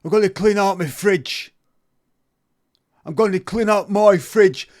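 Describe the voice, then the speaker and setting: Brash English lad, hungover, bellowing, done by a Scottish comedian. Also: male voice, sits high, unhurried, voice pushed up. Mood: shouting. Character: loud hungover English football fan man.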